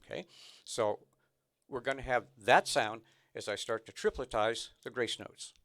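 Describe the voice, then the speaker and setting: In a very noisy recording, a drum teacher with a medium-pitched voice works through snare technique at a measured pace. He explains patiently and counts rhythms aloud between demonstrations.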